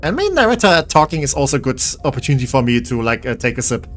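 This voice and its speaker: Male streamer, tired, rambling, joking with chat, mid pitch, faint game music behind. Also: very animated, quick pace, fairly bright tone. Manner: rambling, joking, self-deprecating, talks to chat. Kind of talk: casual live-stream chat.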